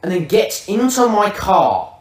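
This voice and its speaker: Podcast host, man, lively profane storyteller, slightly high voice, echoey room, mic set back. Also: measured pace. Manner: vivid, swearing, comic storyteller. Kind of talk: casual storytelling. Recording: roomy, distant mic.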